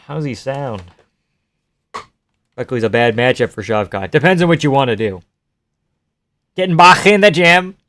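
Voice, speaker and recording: A man's voice: mid-range voice, expressive, normal speed, long pauses, fairly bright tone, no echo. A male streamer giving casual live fight reactions and reading chat questions aloud, offhand and chuckling, swearing now and then.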